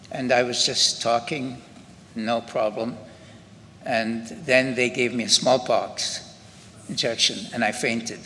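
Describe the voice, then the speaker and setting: Slow-talking older Scottish man in a hall. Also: mid-range voice, fairly bright tone. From Scotland. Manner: slow, halting storytelling with many pauses and restarts. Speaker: Holocaust survivor giving testimony. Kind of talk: spoken testimony to an audience. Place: synagogue hall. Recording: reverberant hall with faint ambient noise.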